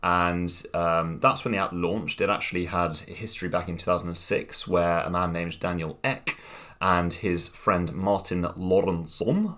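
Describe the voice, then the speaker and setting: A man's voice: low-pitched, a bit bright. A man co-hosting a podcast, chatting casually with dry jokes and playful storytelling. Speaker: podcast co-host. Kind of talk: casual chat.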